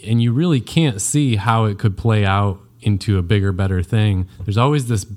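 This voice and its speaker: A man hosting a podcast interview, speaking in a thoughtful, steady and affirming way. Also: lowish voice, moderate pace. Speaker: podcast host. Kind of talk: conversational interview.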